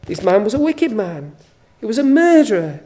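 A woman preaching a sermon at a church service, slow and emphatic, with repeated phrases for weight. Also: medium pitch, big pitch swings, dark tone.

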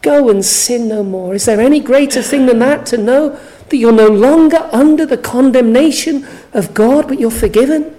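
A woman preaching a sermon in a slow, earnest way, often putting questions straight to her listeners. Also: sits high, mellow, poor audio.

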